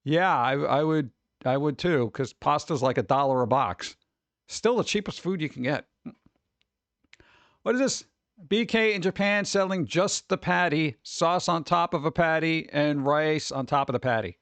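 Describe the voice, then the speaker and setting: Male streamer host, highish voice, rambling jokey chat, dry close mic. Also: normal speed, dry recording. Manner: rambling, jokey and animated, with exaggerated rants. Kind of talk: casual chat reacting to viewer messages.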